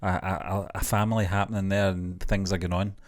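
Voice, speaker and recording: A man's voice: low voice, flat delivery, fairly quick, dry recording. A man co-hosting a reaction video, easygoing and agreeable in casual chat. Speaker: co-host.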